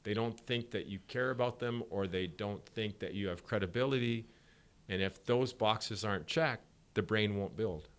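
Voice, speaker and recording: A man's voice: fairly low pitch, normal speed. A middle-aged man, a sport psychology guest on a podcast, explaining ideas at length and acting out examples with a laugh. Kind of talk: podcast interview.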